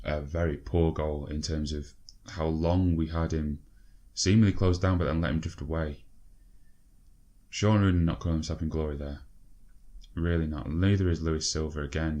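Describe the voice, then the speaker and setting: A young man with a very deep voice calls out his football management game as it plays. He gets excited, swears and talks straight to his players. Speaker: gaming video creator. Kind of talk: game commentary.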